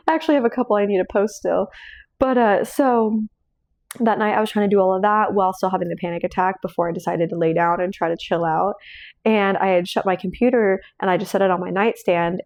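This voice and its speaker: A woman's voice: mid-range voice, darkish tone. A woman hosting her own casual chat show from home at night, rambling through tangents and laughing often. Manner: rambling, jumping between tangents with frequent laughs. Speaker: host.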